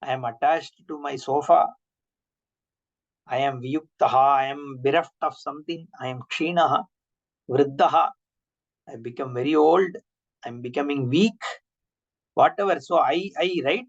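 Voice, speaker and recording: A man giving an online scripture class, explaining with rhetorical questions and everyday examples and chanting Sanskrit terms slowly. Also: on the high side, creaky. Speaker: Vedanta teacher. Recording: dull lo-fi online class audio.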